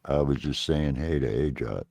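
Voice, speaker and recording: A man's voice: rumbling low, moderate pace, creaky, darkish tone. A man chatting casually on a stream, making laid-back, mumbled asides. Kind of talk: casual chat.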